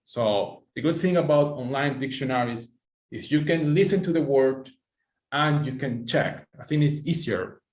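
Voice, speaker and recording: A man's voice: medium pitch, normal speed, darkish tone. Echoey male online pronunciation teacher. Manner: encouraging, praises students by name, non-native phrasing. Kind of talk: live online class. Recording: echoey room.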